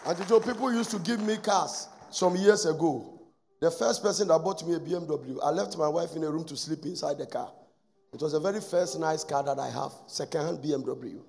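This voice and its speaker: Gravelly preacher in echoey hall. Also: male voice, fairly high pitch, a little fast. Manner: impassioned preaching, swinging between loud exhortation and hushed asides. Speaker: pastor. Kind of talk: sermon. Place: church hall. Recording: echoey church hall with faint music. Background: faint music.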